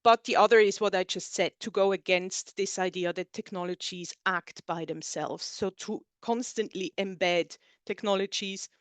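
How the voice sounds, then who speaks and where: A woman's voice: medium pitch, steady tone, moderate pace, no room sound. A woman whose first language is German, presenting her book in an online seminar talk and explaining her points in lists. She speaks over a video call.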